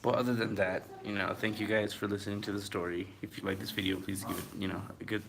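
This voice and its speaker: A man's voice: on the low side, little pitch movement, fast talker, creaky, crowd noise. A man telling a story to his viewers in a casual, rambling way, full of fillers and a little out of breath. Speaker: vlogger.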